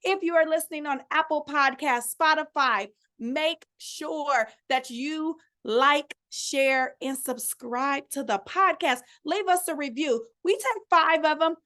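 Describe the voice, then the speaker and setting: High-voiced animated woman podcast coach. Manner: animated, preachy, with casual slang and asides to listeners. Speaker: life and relationship coach, podcast host. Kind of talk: energetic solo podcast coaching talk.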